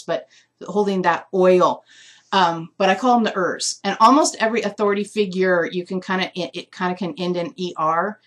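A woman giving a live intuitive reading of an essential oil, musing aloud and searching for words with frequent fillers. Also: fairly low pitch. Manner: emotional, close to tears.

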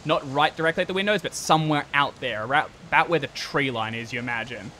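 Bright-voiced man narrating a game. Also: fairly high pitch, quick pace, a little hiss or hum. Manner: loose, rambling narration with fillers. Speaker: game master. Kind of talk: narrating a tabletop horror game.

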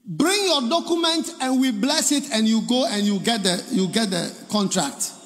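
A man with a Ghanaian accent preaching a sermon, dropping to low murmurs and then bursting into shouted lines. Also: expressive, normal speed. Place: large seminar hall. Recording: echoey hall reverb.

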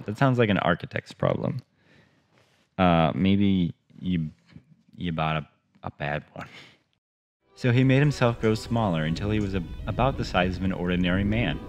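A man reading a children's story aloud and breaking in with sarcastic, deadpan asides. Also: low voice, moderate pace, pauses often. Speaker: reader and host. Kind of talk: audiobook reading with sarcastic commentary.

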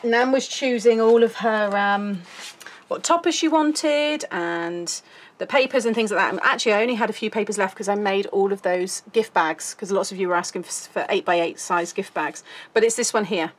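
A woman's voice: medium pitch, normal speed. A British woman hosting a craft tutorial, chatty and giggly, rambling a little as she talks through her work. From United Kingdom. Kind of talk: casual craft tutorial chat.

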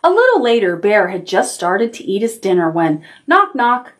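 A children's librarian reading a picture book aloud to preschoolers, gentle and expressive, pausing to comment to the children. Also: female voice, mid-range voice.

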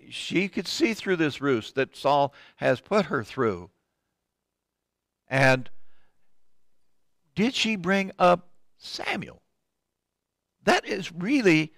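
A man's voice: a little high, gravelly, fairly bright tone, no room sound, studio quality. Older man teaching a Bible study. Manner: conversational, reads scripture aloud and comments, frequent ums and restarts.

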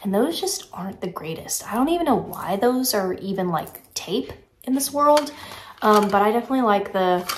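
A chatty woman talks through her shopping finds in a relaxed, enthusiastic way, often pausing on "like" and "um". Her voice sits at an ordinary middle pitch. The room around her is echoey, with a faint hiss of noise underneath. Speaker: haul vlogger. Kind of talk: casual product haul chat.

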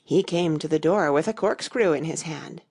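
A woman reading the part of an anxious, muddled elderly queen in a fairy-tale audiobook, talking softly and vaguely. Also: low voice, normal speed, heavily acted. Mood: fretful. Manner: fretful, wandering, breathy and soft.

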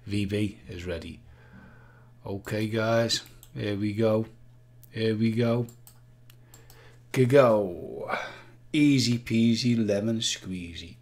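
A man's voice: on the low side, takes it slowly, long pauses. A man hosting a live-stream vaping quiz, playful and jokey, humming jingles and reading out viewers' answers. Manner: jokey, sings jingles, reads out viewer names. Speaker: livestream quiz host.

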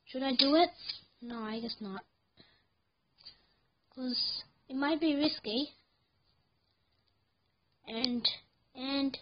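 A woman giving live commentary on her gameplay, excitable, yelling at the game and repeating words over and over. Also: sits high, drawn-out words, pauses often, dull audio, a little hiss or hum.

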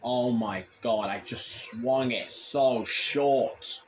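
A man commenting live on his own gameplay, irritable and grumbling, with sudden shouted complaints. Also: mid-range voice, very slow. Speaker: gaming channel host.

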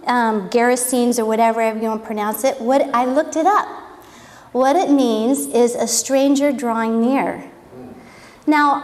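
A woman's voice: high-pitched, darkish tone. A woman giving an informal Bible lesson, chatty and wondering aloud. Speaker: Bible teacher. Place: church hall. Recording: echoey hall with long reverb.

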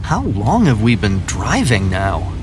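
A man's voice: on the low side, wildly swooping pitch, measured pace, noisy background. A weary, exasperated guy. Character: tired man at work and on a drive. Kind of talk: textbook listening dialogue.

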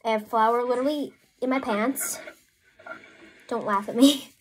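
A woman's voice: a little high, fairly even intonation, measured pace, slight background noise. A woman chatting casually through a messy home crafting vlog, flustered and apologetic as things go wrong. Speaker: vlogger. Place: home, indoors at a work table.

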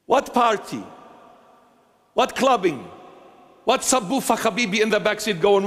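A man preaching a sermon as a bishop, impassioned and repetitive, swinging from loud declarations to hushed tenderness. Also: sits high, expressive, a little slow, in a large hall. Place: church.

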